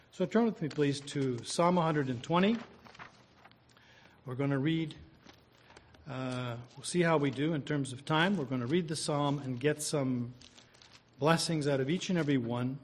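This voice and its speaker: A man preaching a sermon, reading scripture, praying and asking the listeners rhetorical questions in an earnest, conversational way. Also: medium pitch.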